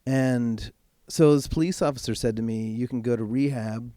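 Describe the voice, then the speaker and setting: Dark-voiced man telling a candid story. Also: medium pitch, fairly even intonation, dry recording. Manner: frank and casual, swears freely; slows right down for emphasis. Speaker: podcast guest. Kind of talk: candid personal storytelling in conversation.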